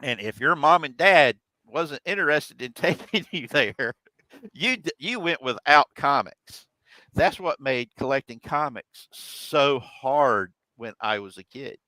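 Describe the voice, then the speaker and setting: Middle-aged guy hosting, chatty stories, bright sharp voice, dry close sound. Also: mid-range voice, measured pace, dry recording, poor audio. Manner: animated, quotes others' voices. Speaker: host. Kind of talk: casual storytelling chat.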